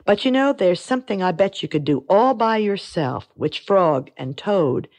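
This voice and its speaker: An older woman from the United States reading a children's book aloud, with gentle, grandmotherly storytelling. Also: lowish voice, expressive, normal speed. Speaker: storybook reader.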